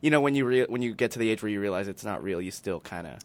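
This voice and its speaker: A man in a casual podcast chat, telling a story in a relaxed way with lots of fillers. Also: fairly low pitch, rapid-fire.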